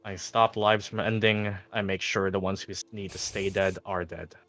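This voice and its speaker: A man's voice: on the low side, little pitch movement, normal speed, a bit bright, soft background music. A man voicing a blunt, stern female campus healer who talks in a curt, disapproving, matter-of-fact way.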